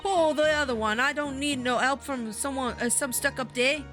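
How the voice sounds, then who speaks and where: A woman's voice: high voice, normal speed, over music, lightly acted. A woman voicing a scrappy young female pickpocket in an attempted Cockney accent, brash and defiant. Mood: scornful.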